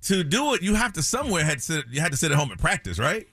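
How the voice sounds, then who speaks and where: Animated man hosting radio talk. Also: fairly high pitch, quick pace, breathy edge, dry recording, clean studio sound. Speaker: radio show host. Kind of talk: casual morning radio chat. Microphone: studio broadcast mic.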